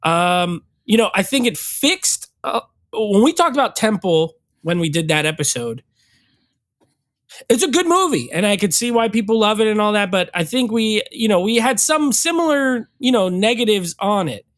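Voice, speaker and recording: A man on a podcast giving his take on a film in a measured, thinking-aloud way. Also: high-pitched, sing-song, a bit bright, no echo, studio quality. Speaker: podcast guest. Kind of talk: casual movie review chat.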